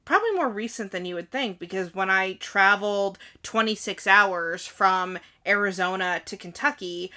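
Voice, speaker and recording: Podcast co-host: woman, frank and chatty, bright edge to the voice. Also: medium pitch. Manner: frank, quick asides, swears. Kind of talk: casual chat.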